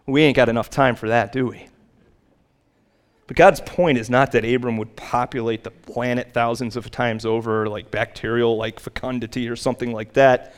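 A male pastor preaching a sermon, slowing down and rising for emphatic lists. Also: smooth. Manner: rises in pitch and slows for emphatic lists.

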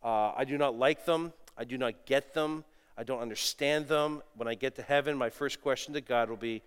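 A middle-aged man preaching a sermon, animated, moving between loud exclamations and quiet asides, telling stories with self-deprecating humor. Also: mid-range voice, moderate pace, clean tone. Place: church sanctuary. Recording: long reverb of a church hall.

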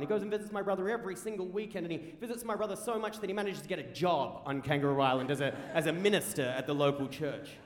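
Quick, high-voiced Australian stand-up comic. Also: male voice. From rural South Australia. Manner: animated, rising to shouts at punchlines. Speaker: stand-up comedian. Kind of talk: stand-up storytelling. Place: live comedy venue. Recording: roomy live venue.

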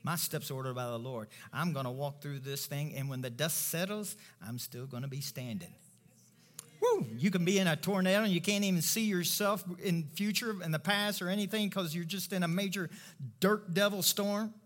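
A preaching man with a high, bright, ringing voice, delivering a sermon from a church pulpit. He builds from quiet, low asides into loud, emphatic declarations, calling out to his congregation for responses. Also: a little fast. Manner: emphatic, call-and-response preaching with shouts of "woo". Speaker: pastor.

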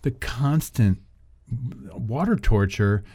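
A man co-hosting a podcast in casual chat, dropping wry deadpan asides and rambling into rants. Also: medium pitch, slow, no room sound. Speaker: podcast co-host.

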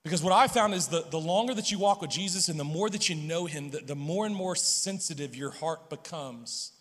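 A man with a high, bright, forceful voice delivers an earnest sermon to his congregation, stumbling over repeated words as he goes. His voice rings out with a long echo in a church hall. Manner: earnest, halting with many repeated restarts. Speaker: pastor. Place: church sanctuary.

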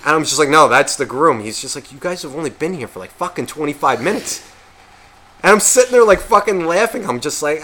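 A man co-hosting a podcast, telling a story in a casual, profane, animated way and acting out quotes. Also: fairly high pitch, fairly quick. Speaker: podcast co-host.

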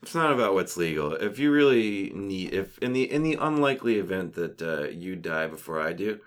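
A man's voice: low-pitched, big pitch swings, moderate pace. A man co-hosting a podcast in casual chat, wry and teasing, swearing now and then. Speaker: podcast co-host.

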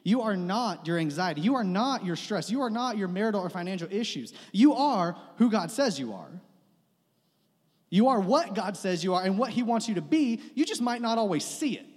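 Young man, pastor, high voice, chatty sermon, joking asides, long church-hall reverb. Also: very animated, moderate pace, darkish tone. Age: young adult. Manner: conversational, self-deprecating humor, repeats phrases. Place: church sanctuary.

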